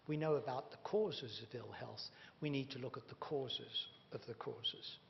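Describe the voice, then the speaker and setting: A man's voice: mid-range voice, creaky. A man giving a public lecture, emphatic and wry, leaning hard on key words. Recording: dull reverberant hall recording with faint hum.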